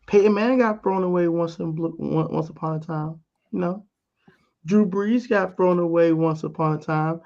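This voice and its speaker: A man doing animated sports banter, mocking players in a theatrical way, his loudness swinging from quiet to loud. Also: a little high, moderate pace, creaky. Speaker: co-host. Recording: dull lo-fi audio.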